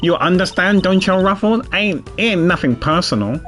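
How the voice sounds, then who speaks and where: A man's voice: sits high, lively intonation, normal speed, fairly bright tone, soft background music, pitched above the performer's own voice. A man voicing a brash, stubborn young female reporter in a put-on Southern US twang, with a folksy, defiant drawl.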